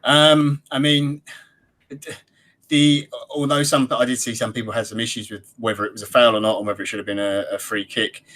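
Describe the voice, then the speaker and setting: A man hosting a casual podcast, talking in a measured way with frequent ums. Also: mid-range voice, flat delivery, a bit bright. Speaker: podcast host.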